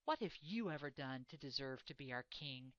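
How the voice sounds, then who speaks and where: A woman's voice: rumbling low, expressive, normal speed, dry recording. A woman voicing a scornful vulture who speaks in a sneering way. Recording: dull lo-fi dry recording.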